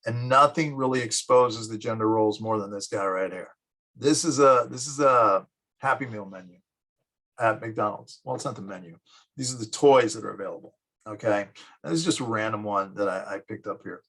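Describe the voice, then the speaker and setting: A middle-aged man teaching psychology in a lively classroom lecture, acting out little scenes of children and parents as he goes. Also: lowish voice, low-quality recording. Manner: lively, acts out children and parents in quick asides.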